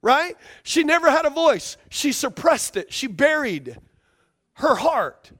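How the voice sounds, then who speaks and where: A man's voice: very high-pitched, big pitch swings, slow, fairly bright tone. A man preaching a sermon as a pastor, emphatic and repetitive, often asking the congregation for responses.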